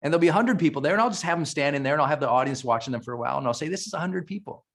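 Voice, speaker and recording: A man's voice: on the high side, racing. A middle-aged man from Montana giving an emphatic, emotional motivational speech to a live audience, often restarting his sentences. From Montana, USA. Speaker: keynote speaker.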